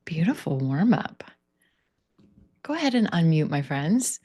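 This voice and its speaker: A woman teaching an online pronunciation class, drilling words slowly and clearly over a video call. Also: low voice, sing-song, warm tone. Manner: slow, clear drilling of word stress. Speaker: pronunciation coach.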